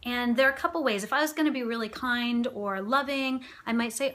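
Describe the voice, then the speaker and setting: A woman's voice: on the high side, brisk, few pauses, bright, forceful tone. A woman parenting coach giving a chatty live video talk to viewers. She speaks with frequent fillers and tag questions, and slips into parent voices when she quotes them.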